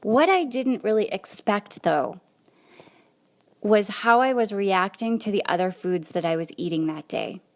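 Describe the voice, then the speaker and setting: A woman hosting a podcast, telling a personal story in a conversational, animated way. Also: mid-range voice, a little slow. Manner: conversational, animated retelling with quoted asides. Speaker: podcast host.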